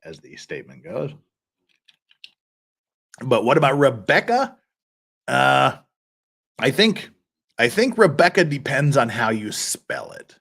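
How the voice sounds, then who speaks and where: A man's voice: medium pitch, sing-song, measured pace, gravelly, long pauses, a bit bright, slightly rough. A middle-aged man hosting a live stream, chatting casually, reading out viewer comments and laughing often. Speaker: livestream host.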